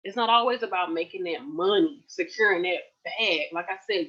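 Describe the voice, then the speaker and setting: A woman in her late twenties chatting casually and warmly to her livestream viewers, calling them y'all. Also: lowish voice, moderate pace, hardly any pauses, husky, muffled recording. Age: late 20s. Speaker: nurse vlogger. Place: at home.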